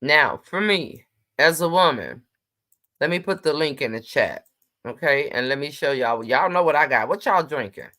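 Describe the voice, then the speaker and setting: Low-voiced woman hosting a casual livestream. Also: expressive, moderate pace, fairly bright tone. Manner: chatty, teasing, greets viewers by name. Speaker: livestream host.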